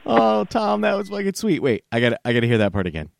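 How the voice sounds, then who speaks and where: A man hosting a comedy podcast, animated and laughing, with casual swearing. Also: medium pitch, fast, gravelly. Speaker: podcast host.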